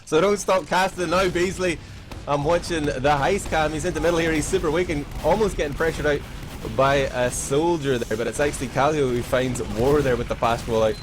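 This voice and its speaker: A man's voice: a little high, a little fast. A man with an Irish accent giving chatty live play-by-play commentary on a game, with frequent fillers and easy laughs. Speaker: esports caster. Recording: noisy background.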